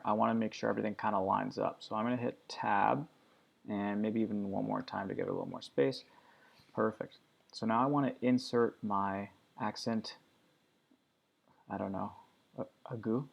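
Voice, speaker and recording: Gravelly-voiced man walking through a tutorial. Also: lowish voice. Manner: relaxed step-by-step walkthrough talk. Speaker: teacher. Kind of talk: screen-recorded software tutorial.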